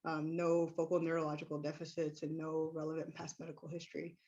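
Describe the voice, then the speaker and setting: A hoarse woman presents a case over a video call in a steady, clinical way, her voice fairly flat. The sound is slightly dull, as if passed through a laptop microphone. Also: deep voice. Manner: measured, clinical, with frequent fillers. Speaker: neurosurgery resident presenting a case.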